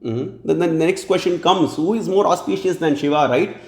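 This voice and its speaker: A man's voice: fairly high pitch, fairly quick, roomy sound. A man giving a scripture lecture who recites verses, translates them, and often checks in with "hmm?". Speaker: religious lecturer.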